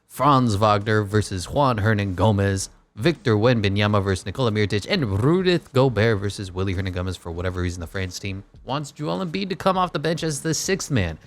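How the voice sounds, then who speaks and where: A man's voice: lowish voice, expressive, fairly quick, few pauses. A man giving casual play-by-play commentary over a basketball video game, with wry joking asides. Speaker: gaming YouTuber.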